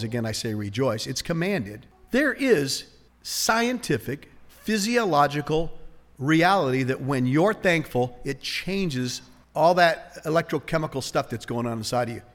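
A man preaching a conversational sermon as pastor, shifting into a soft hush for prayers. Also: fairly high pitch, long reverb tail.

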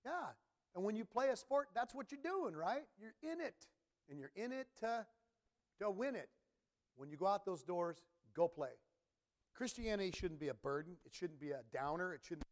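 A middle-aged man preaching a sermon as pastor, telling stories with bursts of shouting and imitated instrument sounds. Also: high voice, normal speed. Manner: animated storytelling, sudden shouts and imitated organ sounds.

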